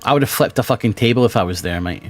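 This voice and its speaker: British man, mid pitch, casual gameplay chat, sweary, mumbling asides. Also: racing. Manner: chatty, sweary, swings from mumbling to excited. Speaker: streamer.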